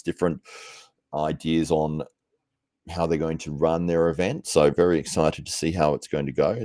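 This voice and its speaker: A man's voice: extremely low pitch, a little mellow, no echo, clean studio sound. A young man hosting a casual livestream, chatting and reading out viewer comments with frequent laughter and self-deprecating humour. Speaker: livestream host. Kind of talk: casual live-stream chat reading comments.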